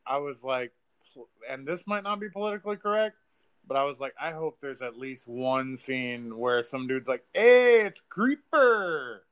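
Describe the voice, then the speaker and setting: Excitable guy on a podcast, does bits from the movie, laughs a ton. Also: mid-range voice, normal speed, smooth. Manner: animated, acts out quotes, laughs and swears. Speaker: podcast co-host. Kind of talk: casual movie review chat.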